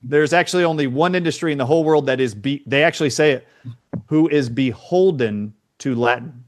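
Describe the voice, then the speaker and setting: A man's voice: a little high, fairly quick, no room sound, studio quality. A man as a guest on a podcast, explaining his views emphatically and quizzing the hosts. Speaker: guest doctor. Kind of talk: podcast conversation.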